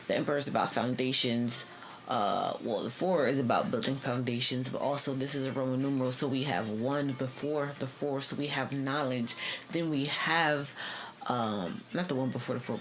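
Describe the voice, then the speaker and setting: This is a young woman, speaking unusually low for a woman. She talks through a tarot reading in a loose, lively way, full of slang and swear words. A faint hiss sits under her voice. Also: rough recording. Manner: loose, profane, laughing often, slangy. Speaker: tarot reader. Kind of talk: casual tarot reading monologue.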